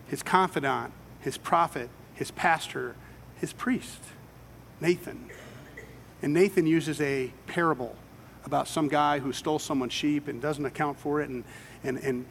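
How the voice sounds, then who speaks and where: A pastor preaches to a church sanctuary with children present, retelling scripture stories with dramatic quoted voices. His voice is on the high side and creaky, at a moderate pace, with slight background noise.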